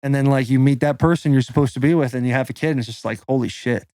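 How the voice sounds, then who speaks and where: A man's voice: medium pitch, rapid-fire, darkish tone, no echo, clean studio sound. A man in his thirties, a podcast host, telling a personal story in a loose, casual way, swearing and saying "like" constantly. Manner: loose and profane, full of "like" fillers.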